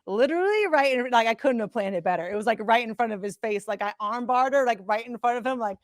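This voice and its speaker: Animated, profane woman telling stories. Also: a little high, fast talker, no room sound, clean studio sound. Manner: animated, profane, full of "like" fillers. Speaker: podcast guest. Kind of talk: casual storytelling chat. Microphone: podcast studio mic.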